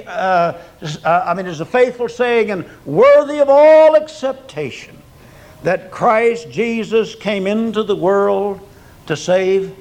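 Older man, high voice, preacher, folksy sermon, loud peaks and quiet drops. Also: poor audio. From Oklahoma.

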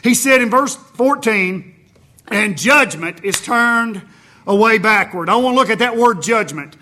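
Male Baptist preacher, high bright voice, fervent sermon delivery. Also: lively intonation, a little slow. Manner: impassioned preaching, swings between loud emphasis and low intensity.

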